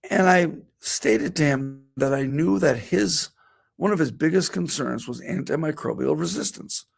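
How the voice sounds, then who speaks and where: A man's voice: on the high side, measured pace, vocal fry. A middle-aged man, a veterinarian, telling a personal anecdote during a talk and quoting what he and others said. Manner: storytelling, quoting himself and others.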